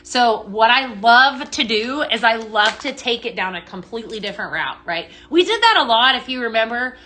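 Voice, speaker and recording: A bubbly woman hosting a live stream, chatting casually and answering viewer comments, a touch out of breath. Her voice sits fairly high and sounds bright and crisp. A faint hum of room noise runs underneath. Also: lively intonation, normal speed. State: a bit out of breath. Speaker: home fragrance seller hosting a live stream.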